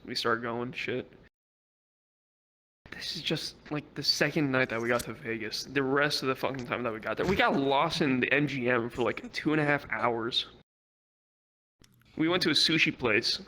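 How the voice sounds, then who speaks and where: A man doing stand-up, telling a rambling, profane story with quick acted quotes in a virtual comedy club. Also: mid-range voice, pushed and bright, a little hiss or hum.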